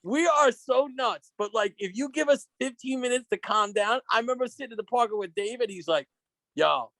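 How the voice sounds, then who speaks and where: A man's voice: very high-pitched, fairly quick, sharp tone, no echo. A man co-hosting a podcast, telling profane stories in casual chat and laughing often. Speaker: podcast co-host.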